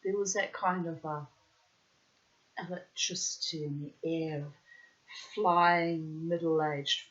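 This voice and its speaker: A woman's voice: low-pitched, fairly even intonation, slow pace, pauses often. A middle-aged woman telling a personal story in a wry, dramatic, digressive way, with florid wording. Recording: dull lo-fi recording.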